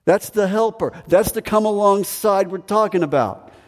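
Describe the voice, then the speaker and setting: Man, pastor, sermon, earnest, repetitive, slightly high voice, long hall reverb. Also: normal speed. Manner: earnest, repetitive preaching with acted-out quotes.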